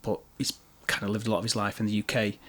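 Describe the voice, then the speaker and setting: A man's voice: fairly low pitch, completely flat delivery, fast talker, fairly bright tone. A man hosting a podcast, chatting casually over drinks, agreeing often and telling his own anecdotes. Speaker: podcast host.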